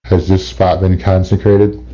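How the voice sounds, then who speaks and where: A man taking part in a tabletop game who asks blunt, curious questions. His voice is very deep and extremely dark. The audio is muffled and lo-fi. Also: level tone, a little slow. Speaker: player. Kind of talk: casual tabletop play.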